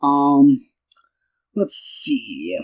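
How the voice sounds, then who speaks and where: Drawing out his words in a sing-song, medium-pitched voice, a male podcast co-host recaps a film during a casual chat. He rambles with lots of fillers and restarts and acts out what the characters say. The recording is rough.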